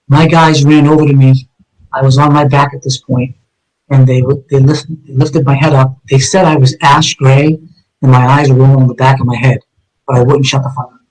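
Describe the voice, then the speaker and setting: A man's voice: mid-range voice, low-quality recording. A middle-aged man from Massachusetts, a retired detective telling his story as a guest in an interview, blunt and intense, swearing often. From Massachusetts, USA. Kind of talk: personal story told in an interview.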